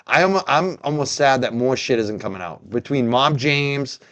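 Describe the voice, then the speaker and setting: A man's voice: mid-range voice, expressive, moderate pace, a bit bright, no room sound. Sardonic man chatting on a stream. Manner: sardonic, laughing, knowledgeable. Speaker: co-host. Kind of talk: casual streaming chat. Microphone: streaming mic.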